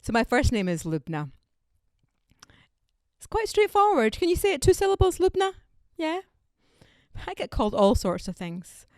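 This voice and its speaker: A woman's voice: high voice, very animated, moderate pace, pauses often, no echo, clean studio sound. Wry woman doing stand-up. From Scotland. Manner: wry, punchy delivery with quoted voices. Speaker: stand-up comedian. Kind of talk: stand-up comedy set.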